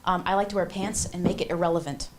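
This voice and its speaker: A woman's voice: lowish voice, fairly even intonation, quick pace, noisy background. A woman running an interview-skills workshop, giving direct, hands-on coaching to a class. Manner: direct, coaching, demonstrating poses. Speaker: workshop instructor. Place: large room with a class. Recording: roomy hall audio from far off.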